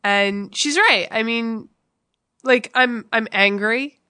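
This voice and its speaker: Bright-voiced woman venting bluntly. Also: fairly high pitch, slow, clean tone, dry recording, clean studio sound. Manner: emotional, blunt and profane. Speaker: podcast co-host. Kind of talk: candid conversational storytelling.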